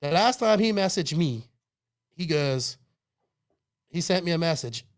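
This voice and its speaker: A man's voice: a little high, a little slow. Defensive, swearing podcast co-host man. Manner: animated, defensive, swears, restarts often. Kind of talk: heated casual podcast chat.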